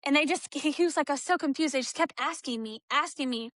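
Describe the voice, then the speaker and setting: A woman with a high, bright voice recounts a personal ordeal as a podcast guest. She talks in a chatty way, full of "like", and slips into the voices of the people in her story. The sound is dry and close. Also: fast talker, no echo. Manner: animated, acts out quoted dialogue; chatty, with frequent "like" fillers. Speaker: interview guest.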